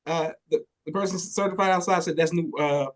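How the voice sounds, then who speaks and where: A man hosting a podcast in casual interview chat, relaxed and loose with his phrasing. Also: a little high, fairly quick. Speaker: podcast host.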